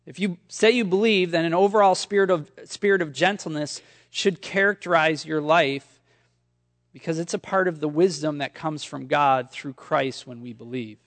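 A man with a fairly high voice preaches in a church sanctuary, and his words hang in a long hall reverb. He talks to the congregation conversationally, slipping into funny everyday stories between points. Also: fairly even intonation, moderate pace, fairly bright tone. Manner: conversational storytelling with humor. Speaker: pastor. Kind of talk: sermon.

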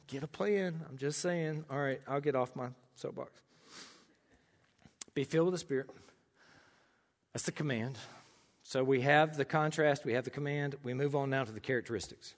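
A man's voice: mid-range voice, moderate pace, long pauses, long reverb tail. A man with an American country accent preaching a sermon in a church, emphatic with folksy humorous asides. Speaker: pastor.

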